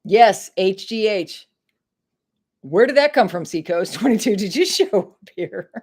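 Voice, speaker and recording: Her medium-pitched voice is expressive and slightly rough, with a darkish tone and a measured pace. She's a middle-aged Maine woman hosting a casual livestream from home, talking directly to chat and swearing freely when frustrated.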